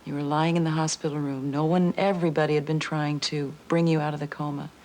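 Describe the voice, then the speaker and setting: A woman's voice: low-pitched, flat delivery, quick pace, darkish tone, a little hiss or hum. A woman hosting a TV magazine show, asking curious, prompting questions and reading scripted narration. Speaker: TV magazine interviewer and host.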